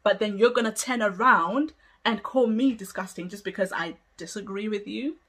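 A woman's voice: medium pitch, moderate pace, fairly bright tone, husky. A woman hosting a solo podcast, making an emphatic, argumentative case with many rhetorical questions and laughing between points. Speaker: podcast host.

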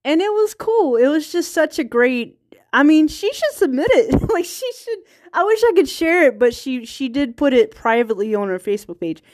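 A woman's voice: high voice, big pitch swings, normal speed, a little mellow, no echo, studio quality. A woman from small-town Virginia with a rural Virginia accent, hosting a casual solo podcast and rambling through her thoughts with frequent restarts and laughs. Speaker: podcast host.

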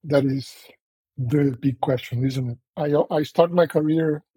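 A Brazilian-accented man in his forties talks easily as a podcast guest. His voice is warm and soft, with a husky edge. He keeps his answers brief and relaxed. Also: a little high, measured pace, rough recording. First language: Portuguese. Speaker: guest staff engineer. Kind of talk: casual podcast interview.

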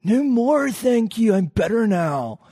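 A man voicing a small, flustered storybook lizard with a feeble, squeaky voice. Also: very animated, slow pace, dark tone, full character voice. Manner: squeaky and breathless.

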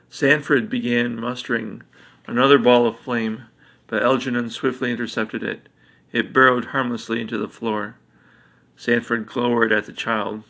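A man narrating a fantasy story in an even, unhurried way. His voice is gravelly and bright, with a flat melody. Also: mid-range voice.

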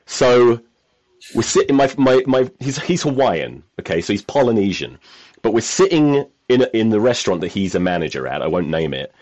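Lively deep-voiced male podcast host. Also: normal speed. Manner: rambling storyteller, self-mocking, swears freely. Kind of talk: casual chat.

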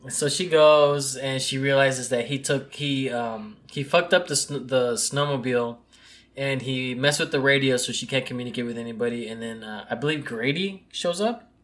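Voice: medium pitch, normal speed, fairly bright tone. A speaker in casual chat, laid-back, retelling a movie plot with casual swearing.

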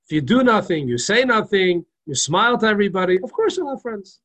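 Man putting on a Russian-accented older man, shrewd and blunt, husky, insistent, a touch high. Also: sing-song, fairly quick, fairly bright tone, heavily acted.

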